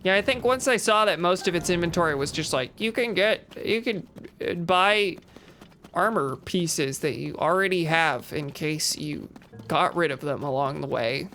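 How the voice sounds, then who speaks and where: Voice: medium pitch, moderate pace, bright, forceful tone, faint music behind. A game streamer giving casual gameplay commentary, rambling, restarting sentences and chuckling often.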